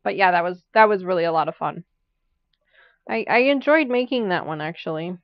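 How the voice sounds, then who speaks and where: A woman's voice: fairly low pitch, animated, brisk, no room sound, dull audio. A woman hosting a live quilting stream, chatting casually and rambling while she sews, laughing often. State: has the hiccups. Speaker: quilting channel host. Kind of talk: casual chat during a live sewing stream.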